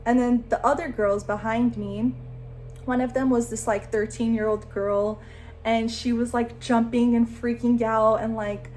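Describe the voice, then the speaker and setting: A woman in her late twenties, a vlogger telling a story to the camera in a chatty, excitable way, saying "like" a lot. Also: on the high side, a little slow, a little hiss or hum. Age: 20s.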